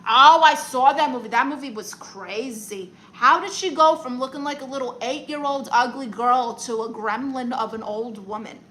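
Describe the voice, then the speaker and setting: A woman's voice: sits high, a bit bright, a little hiss or hum, rough recording. Sassy Brooklyn woman chatting on stream. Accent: New York. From Brooklyn, New York. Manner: sassy, playful, quick comebacks. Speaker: comedian live-streaming with viewers. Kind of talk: casual live-stream chat, reading viewer comments.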